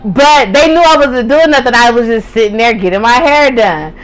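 A woman's voice: fairly high pitch, moderate pace, faint music behind, rough recording. A young woman tells her own story on a podcast in a loose, conversational way. She is blunt and profane and breaks into laughter often. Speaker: podcast host. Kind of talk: casual storytelling.

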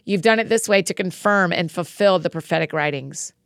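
A woman's voice: on the low side, brisk, gravelly, no echo, studio quality. A woman reading Jesus, firm and direct. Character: Jesus, calm grown man, firm and direct.

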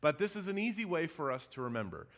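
A pastor preaching a sermon in a church, his voice rising emphatically and dropping to a hush. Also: a little high, quick pace. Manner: animated preaching with emphatic rises and hushed drops. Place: church sanctuary.

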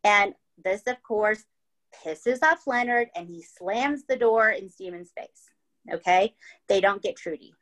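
A woman's voice: mid-range voice, measured pace, a bit bright, low-quality recording. A woman hosting a podcast, telling a true-crime story in a casual, chatty way, swearing freely and often checking in with "right?" and "okay?". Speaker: podcast host.

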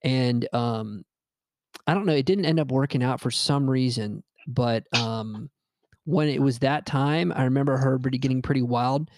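A man's voice: mid-range voice, moderate pace, a little mellow, a little hiss or hum. A young man, hosting a podcast and telling a rambling, profane personal story with lots of fillers and restarts. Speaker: podcast host. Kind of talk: casual storytelling chat.

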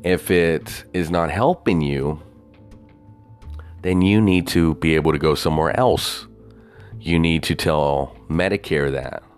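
A man voicing a bossy woman of about fifty who lectures and scolds her mother, in a low voice. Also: a little slow, faint music behind. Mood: lecturing. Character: bossy fifty-year-old woman, quick to anger.

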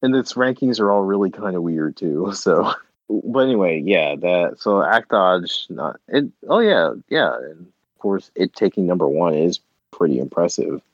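Deep-voiced man, rambling casual chat. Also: animated, moderate pace, slightly rough, dry recording, dull audio. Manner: rambling, many restarts and fillers. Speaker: podcast co-host.

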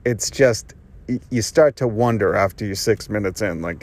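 A man's voice: lowish voice, normal speed. A man hosting his own podcast, delivering a rambling, sarcastic and profane solo rant. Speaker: podcast host. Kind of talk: ranting monologue.

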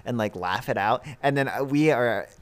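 A man's voice: medium pitch, normal speed. A young man co-hosting a podcast in casual chat, rambling and laughing at himself. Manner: laughing, rambling, self-mocking. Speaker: podcast co-host.

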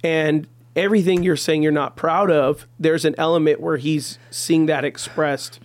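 Earnest pastor telling stories, dry sound. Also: male voice, a little high, fairly even intonation, normal speed, no room sound. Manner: earnest storytelling, heavy on "you know" fillers. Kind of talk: casual podcast conversation.

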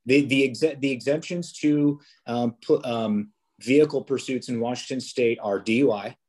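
A man's voice: mid-range voice, moderate pace, a little mellow, husky. A police officer, a man, chatting as a podcast guest, telling stories casually with many restarts and fillers. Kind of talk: casual interview storytelling.

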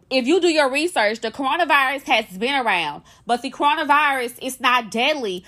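A woman's voice: on the high side, fairly bright tone. A woman guest giving her opinion firmly, laying out figures one after another. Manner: assertive, lays out numbers. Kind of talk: opinionated commentary.

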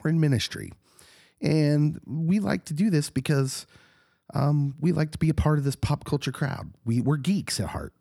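Middle-aged guy co-hosting a podcast, hoarse and husky, swings his pitch all over, animated. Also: moderate pace, no echo, clean studio sound. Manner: animated, laughs often. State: hoarse, getting over an illness. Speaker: podcast co-host, pastor. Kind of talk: casual podcast chat.

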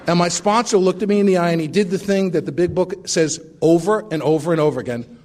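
Middle-aged man, fairly high voice, wry self-mocking testimony speaker. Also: fast, a little mellow. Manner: wry, self-mocking storytelling with frequent restarts. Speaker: recovery meeting speaker. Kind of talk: personal recovery testimony.

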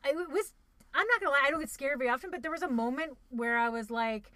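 A woman chatting casually and telling a story in a lively, profane way, acting out what she said at the time. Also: high voice, fast, dry recording. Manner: animated, profane, acts out her own quotes.

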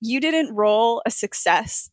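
A woman chatting casually and relaxed, laughing as she talks. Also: a little high, slow, dry recording. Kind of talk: casual chat.

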